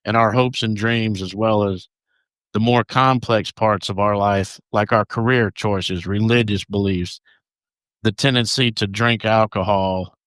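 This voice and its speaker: A man's voice: fairly low pitch, a bit bright, no echo. A man co-hosting a podcast, chatting casually and reading notes aloud, stumbling over names. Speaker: podcast co-host.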